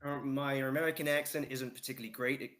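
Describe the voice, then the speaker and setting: Bright-voiced man, jokey. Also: mid-range voice, steady tone, fast. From English Midlands. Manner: jokey, teasing. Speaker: guest panelist. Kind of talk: casual wrestling chat.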